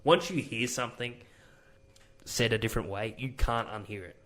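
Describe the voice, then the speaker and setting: A man co-hosting a podcast, chatting casually, rambling and swearing, often trailing off quietly. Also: medium pitch, moderate pace. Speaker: podcast co-host. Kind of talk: casual chat.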